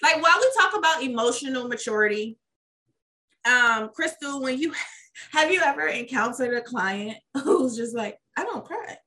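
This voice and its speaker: Bright, playful high-voiced woman. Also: lively intonation, normal speed. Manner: playful, laughing, jokey asides. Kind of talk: casual podcast chat.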